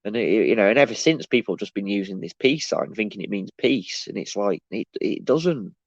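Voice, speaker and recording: A low-voiced man rambles through a casual live-stream monologue, often breaking off and restarting sentences. The sound is dry and a bit dull, like a lo-fi home setup. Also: lively intonation, a little fast, no room sound. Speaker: live streamer answering chat.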